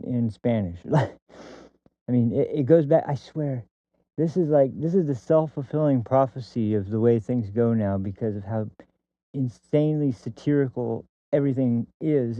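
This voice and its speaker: Male podcast host, rambling and full of fillers, mid-pitched voice, dry phone-quality line. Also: dry recording. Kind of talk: casual opinion podcast.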